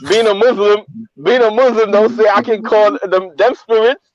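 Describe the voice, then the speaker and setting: A man's voice: high-pitched, fairly even intonation, moderate pace, dry recording. A man calling in to a casual chat, talking emphatically. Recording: dull, dry call line.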